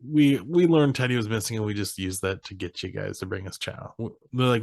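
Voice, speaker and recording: Young man, podcast co-host, animated movie recap, dry close mic. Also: on the low side, a little fast, creaky, dry recording. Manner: animated retelling, quoting characters, swearing, laughing. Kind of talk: casual movie recap chat.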